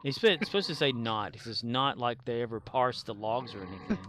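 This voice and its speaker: A man's voice: mid-range voice, animated, a little fast, a bit bright, a little hiss or hum. A man casually chatting on a game stream, rambling, muttering and humming along while he plays. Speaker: livestreamer. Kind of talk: casual gaming stream chat. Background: music playing.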